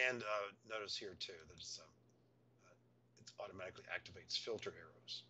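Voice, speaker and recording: A man's voice: low voice, brisk, bright, forceful tone, a little hiss or hum. A man teaching a screen-recorded spreadsheet tutorial, explaining step by step in a patient, thinking-aloud way. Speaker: software instructor.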